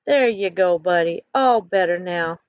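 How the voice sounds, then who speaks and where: A woman's voice: on the low side, a little slow, no echo, lightly acted. A woman voicing a friendly young cowgirl who speaks sweetly and soothingly. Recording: dull lo-fi recording.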